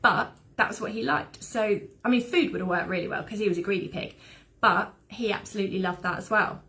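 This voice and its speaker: A woman's voice: mid-range voice, a little fast, vocal fry, sharp tone. Chatty woman dog trainer. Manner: chatty, rambling, fond of anecdotes. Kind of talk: informal online teaching talk.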